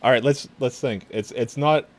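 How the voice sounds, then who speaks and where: A man co-hosting a casual live stream, quick with wisecracks and jokes. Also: mid-range voice, slight background noise. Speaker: co-host.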